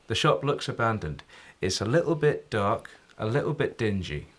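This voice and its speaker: A man's voice: on the low side, sing-song, normal speed. A man narrating a tabletop game as game master, describing scenes with hesitant fillers.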